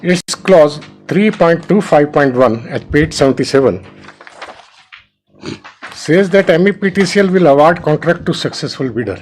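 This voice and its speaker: Indian advocate, deferential, slightly high voice. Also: male voice, animated, a little mellow, faint music behind, rough recording. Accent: Indian English. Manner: reads legal clauses aloud, addresses the bench with deference; halting, restarts words. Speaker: advocate arguing a petition. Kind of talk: formal courtroom argument. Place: courtroom.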